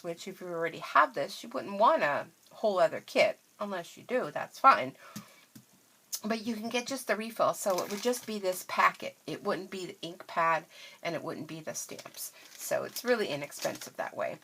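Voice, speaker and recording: A craft vlogger with a medium-pitched voice chats casually through an unboxing. She gushes and gets excited easily, though she sounds tired and yawns now and then.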